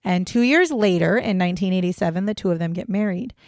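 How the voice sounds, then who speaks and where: A woman's voice: lowish voice, fast, darkish tone, no room sound, studio quality. A young woman co-hosting a true crime podcast, talking casually and bluntly, swearing freely. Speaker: podcast co-host.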